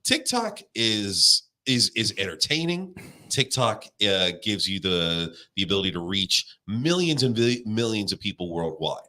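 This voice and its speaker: A man's voice: fairly low pitch, sing-song, a little slow, bright, forceful tone. A young man co-hosting a podcast in casual chat, rambling with restarts and swearing. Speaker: podcast co-host.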